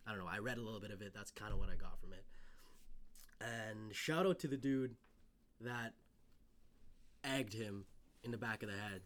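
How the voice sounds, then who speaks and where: A man's voice: lowish voice, moderate pace, long pauses, fairly bright tone. A man co-hosting a casual podcast, reading news stories aloud and riffing on them with loose, profane talk. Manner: loose and profane, reads headlines then riffs. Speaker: podcast co-host.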